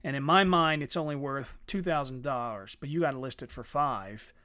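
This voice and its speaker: A man's voice: mid-range voice, moderate pace, no echo, studio quality. A man talking bluntly and with a lot of swearing, telling stories in a casual podcast chat. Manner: blunt, profane, animated storytelling.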